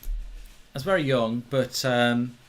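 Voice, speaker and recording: A man's voice: medium pitch, slow. Chatty man hosting a football watchalong. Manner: chatty, reads viewer comments aloud, many ums and restarts. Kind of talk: casual live-stream chat and commentary.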